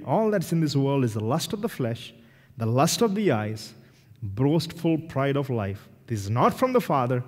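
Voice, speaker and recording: A male pastor preaching a sermon with animated delivery, acting out little quoted voices as he goes. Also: high-pitched. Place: church sanctuary. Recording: long hall reverb in a church.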